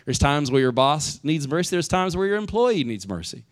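A man's voice: on the high side, normal speed. A man in his forties preaching a sermon, telling stories with animation and asking "right?" again and again. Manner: animated storytelling, asks "right?" often. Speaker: pastor.

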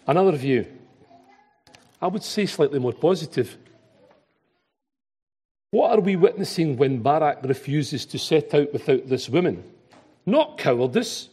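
A man with a Glaswegian accent preaches in a husky, slightly high voice. He is animated and chatty and keeps breaking off and restarting his sentences. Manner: animated, chatty, self-interrupting. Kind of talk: sermon.

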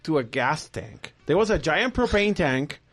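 A man with as his tells a long, rambling story in casual chat, swearing freely and jumping into other people's voices. His voice sits a little high for a man. He keeps the tale rolling with plenty of "like" and "yeah.". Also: sing-song, measured pace, a bit bright, faint music behind. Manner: profane, rambling, acts out quoted voices. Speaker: podcast guest telling stories.

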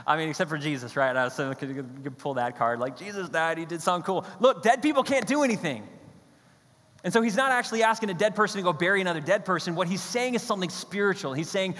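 Man, pastor, slightly high voice, casual storytelling sermon, long church-hall reverb. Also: fast, a bit bright. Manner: conversational, storytelling, playful.

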